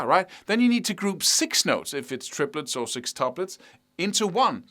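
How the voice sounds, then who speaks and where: A man's voice: sits high, sing-song, normal speed. A middle-aged man teaching guitar in a casual, blunt, emphatic way, often singing rhythms as "da da da". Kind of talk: casual spoken guitar lesson.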